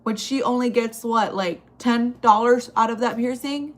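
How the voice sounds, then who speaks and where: A woman born in Chile and raised in the United States, telling a casual story with lots of fillers and swearing. She rises higher and louder when outraged. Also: fairly even intonation, moderate pace. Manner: rambling, profane, lots of fillers; gets loud and high when outraged. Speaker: storytime vlogger.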